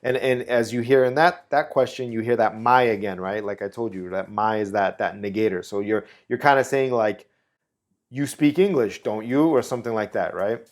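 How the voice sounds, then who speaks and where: Relaxed man teaching phrases. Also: lowish voice. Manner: relaxed, chatty, explains slowly. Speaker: travel video host. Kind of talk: casual language lesson.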